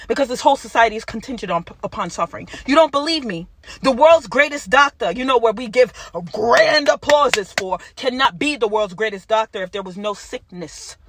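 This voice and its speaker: A woman vlogger talking straight to the camera in an impassioned monologue, jumping from yelling to hushed tones. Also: fairly high pitch, slightly rough.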